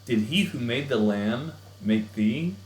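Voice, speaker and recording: A man reading a poem aloud slowly and with emotion. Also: medium pitch, expressive, a little mellow, roomy sound, slight background noise. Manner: slow and emotional recitation. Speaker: teacher. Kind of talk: dramatic poetry reading.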